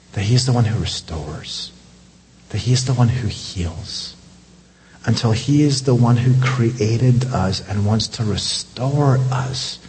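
A man pastor preaching a sermon, animated, climbing to loud high peaks and dropping to hushed asides. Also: a little hiss or hum. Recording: long hall reverb.

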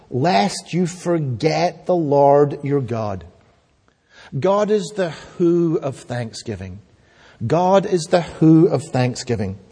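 A pastor raised by a Scottish mother preaches a sermon in a high-sitting, dark, husky voice. He is earnest and emphatic, putting pointed questions to his listeners. A long hall reverb surrounds the recording.

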